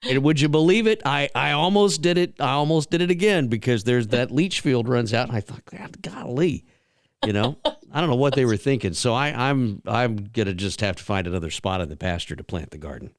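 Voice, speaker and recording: Folksy host, dry close sound. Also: male voice, medium pitch, brisk, no room sound. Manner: folksy storyteller, rambling with many fillers. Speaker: radio show host. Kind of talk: casual radio chat.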